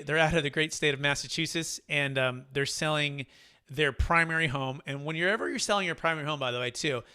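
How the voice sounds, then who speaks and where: Bright, animated businessman host. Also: a little high, smooth. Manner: animated storyteller, acts out quotes. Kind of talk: casual business chat.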